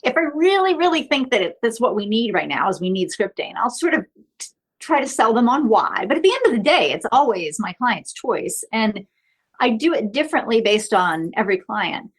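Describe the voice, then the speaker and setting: Earnest high-voiced woman explaining. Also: very animated, moderate pace, breathy edge. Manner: earnest, explanatory, often adds "right?". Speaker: guest therapist. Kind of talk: podcast interview.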